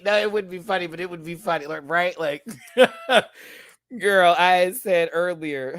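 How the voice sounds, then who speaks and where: A man hosting a live review of a reality show, talking in an animated, slangy way. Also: fairly high pitch, a little slow, no echo, clean studio sound. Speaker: show host.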